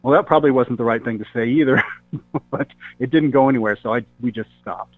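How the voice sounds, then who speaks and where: A man hosting a radio talk show, telling a personal story in a rambling, halting way with many fillers. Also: mid-range voice, dry recording, faint music behind. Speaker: radio host. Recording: tinny phone-line sound.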